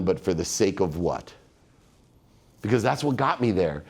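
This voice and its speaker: A man's voice: lowish voice, animated, moderate pace. A man giving a motivational keynote speech, telling stories in an emphatic, repetitive way. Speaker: guest keynote speaker.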